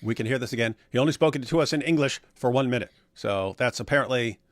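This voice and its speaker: A man's voice: mid-range voice, quick pace, no room sound, clean studio sound. A man hosting a live online show, casually joking and teasing his co-hosts. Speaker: host. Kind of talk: casual chat with joking banter.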